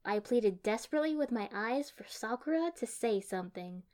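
A woman's voice: fairly high pitch, expressive, moderate pace, a little mellow. A woman reading first-person fan fiction aloud in a dry, matter-of-fact manner. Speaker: audiobook reader.

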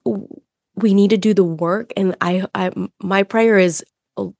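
A woman's voice: medium pitch, fairly even intonation, unhurried, creaky, a little mellow, dry recording, studio quality. A woman hosting a podcast, speaking earnestly and searching for her words in a casual conversation. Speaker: podcast host.

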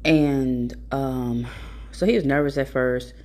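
A woman's voice: a bass voice, fairly even intonation, slow, a little mellow. A woman in a casual storytelling monologue, giving blunt, profane, preachy advice to mothers.

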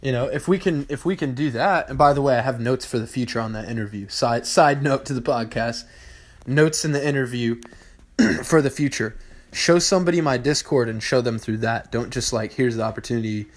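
A man hosting a solo podcast, talking bluntly and with profanity, repeating his points and often clearing his throat. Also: mid-range voice, normal speed. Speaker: podcast host.

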